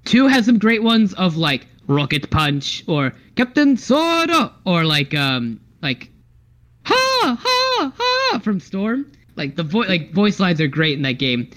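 A young man co-hosting a podcast in casual chat. He is animated, laughs often and talks with many fillers. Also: fairly high pitch, a little slow, hardly any pauses. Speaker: podcast co-host.

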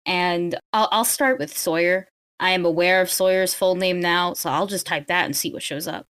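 A woman's voice: fairly low pitch, a bit bright, smooth. A woman playing a character in a tabletop role-playing game, playful and jokey. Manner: playful, jokey, quick to laugh. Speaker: player.

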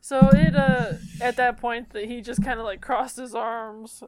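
A woman's voice: on the high side, fairly even intonation, measured pace, crowd noise. A young woman co-hosting a casual talk show, telling a work story in a rambling way with fillers and frequent laughs. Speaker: podcast co-host.

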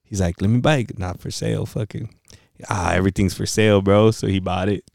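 A man's voice: on the low side, steady tone, brisk, gravelly, a little mellow, no echo, clean studio sound. A man co-hosting a casual podcast, swearing often and laughing through his stories. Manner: profane, laughing storyteller. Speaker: podcast co-host.

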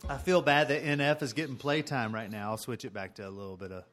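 A man's voice: mid-range voice, steady tone, quick pace, fairly bright tone. A man co-hosting a podcast, chatting casually about albums in a joking, rambling way that trails off mid-thought. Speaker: podcast co-host. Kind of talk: casual chat reviewing albums. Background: faint music playing.

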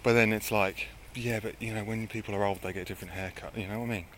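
A man's voice: on the low side, fairly even intonation, quick pace, a bit bright, slight background noise. A man telling rambling, sweary anecdotes in casual chat, often laughing as he goes.

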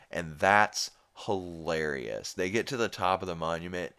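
A man's voice: deep voice, measured pace, sharp tone, clean tone, dry recording, clean studio sound. A man hosting a podcast, rambling through a casual episode recap with lots of "um" and "like". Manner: rambling, full of "um" and "like". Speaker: podcast host.

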